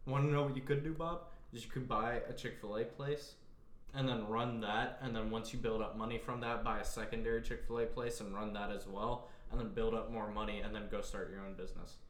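A man's voice: fairly low pitch, steady tone, a little fast, a bit bright. A young man hosting a casual podcast chat, teasing his friend and explaining his points at length. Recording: roomy echo, faint noise.

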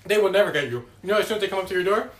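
A young man teasing his friends with quick comebacks in a casual podcast chat. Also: sits high, expressive, echoey room. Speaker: podcast regular and sponsor.

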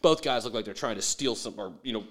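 A man's voice: lowish voice, fast, a bit bright. A man delivering a profane, sarcastic sports rant with mocking asides.

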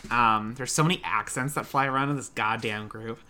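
Rambling, bright-voiced game master. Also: medium pitch, fairly quick. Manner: rambling, searching for words, swears. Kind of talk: narrating a tabletop game.

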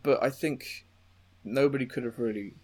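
A man's voice: mid-range voice, moderate pace, a little mellow. A young British man hosting a casual chat, telling stories in a rambling way and laughing often. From United Kingdom. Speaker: podcast host.

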